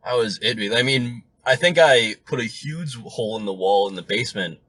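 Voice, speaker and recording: A man's voice: medium pitch, expressive, a little fast, a bit bright, slightly rough, no room sound. A young man co-hosting a podcast in casual chat, laid-back and laughing often. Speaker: podcast co-host.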